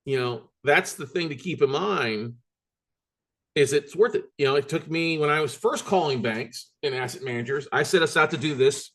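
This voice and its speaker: A man's voice: fairly high pitch, moderate pace, fairly bright tone. A man hosting a recorded business workshop, telling stories in a blunt, emphatic, repetitive way with mild swearing. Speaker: workshop host and note-buying coach.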